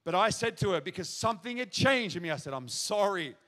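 A man preaching his testimony to a congregation, acting out conversations and building to shouted exclamations. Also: high voice, animated, a little fast. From Australia. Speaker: pastor. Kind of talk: testimony sermon to a live congregation. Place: large church hall at a revival event. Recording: live hall reverb.

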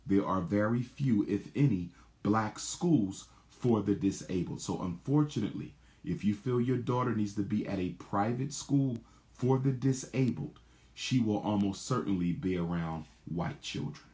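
A man's voice: fairly low pitch, a little slow, mellow. A man hosting a show, reading viewer questions aloud and answering them emphatically, often repeating his key lines word for word.

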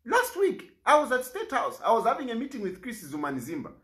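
Aggrieved Zambian man, lively pitch. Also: brisk. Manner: aggrieved, pleading, repeats himself for emphasis. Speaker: opposition politician. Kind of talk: impassioned public statement.

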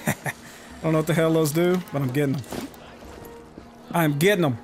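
A man commentating his own gameplay, excitable and profane, often yelling at the game. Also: fairly high pitch, a little fast, slight background noise. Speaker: let's play host.

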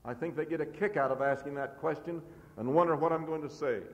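A middle-aged man from the United States addresses a convention from the podium, his voice pitched a little high. He drives his points home with forceful repetition. The old cassette tape carries the long echo of a large hall. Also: fast, dull audio. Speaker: farm organization leader. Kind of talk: convention speech.

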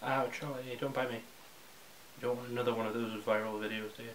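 On his vlog at home, a teenage boy chats casually, restarting often and rambling with jokey asides. He speaks quickly in a steady, mid-range voice, and the recording carries a little hiss or hum.

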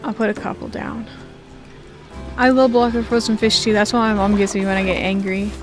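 A woman's voice: mid-range voice, flat delivery, fairly quick, music in the background. A young woman giving casual, joking commentary to herself while she plays a game. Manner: chatty, joking, talks to herself. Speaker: gaming video creator.

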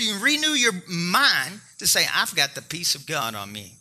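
Male pastor, high and very bright voice, emphatic sermon delivery with jokes. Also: big pitch swings, moderate pace, few pauses. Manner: emphatic, joking preaching that talks straight to the congregation.

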